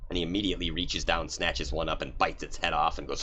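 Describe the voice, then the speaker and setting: A man's voice: rumbling low, little pitch movement, quick pace, hardly any pauses, pushed and bright, lo-fi sound, a little hiss or hum. A man narrating a tabletop game as game master, telling the story animatedly.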